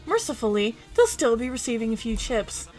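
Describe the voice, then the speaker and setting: A woman voicing a dramatic game show announcer in a video game, reading the lines aloud with a grand, drawn-out delivery. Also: fairly high pitch, sing-song, a little mellow, soft background music.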